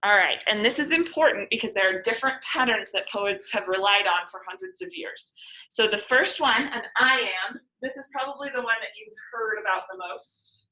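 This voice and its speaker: A woman's voice: medium pitch, normal speed, pushed and bright. A woman teaching a poetry lesson in a classroom, patiently explaining and repeating definitions. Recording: echoey room, mic far off.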